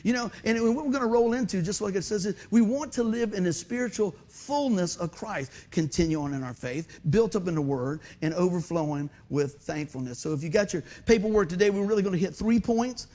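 A man preaches to his congregation in a church. His voice sits fairly high, and his delivery is animated and story-driven, with sudden shouted bursts. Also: brisk, few pauses. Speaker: pastor. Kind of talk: sermon. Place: church sanctuary.

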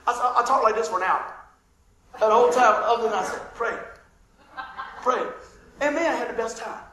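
A male pastor telling a lively story in a sermon, acting out the dialogue and laughing often. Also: extremely high pitch, brisk, roomy sound, noisy background.

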